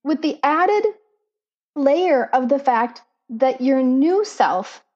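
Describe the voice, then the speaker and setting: A woman's voice: high-pitched, lively intonation, slow pace, darkish tone. Earnest woman on a dull laptop mic. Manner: earnest, heartfelt, self-deprecating. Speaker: podcast co-host. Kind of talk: reflective storytelling chat. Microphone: laptop microphone.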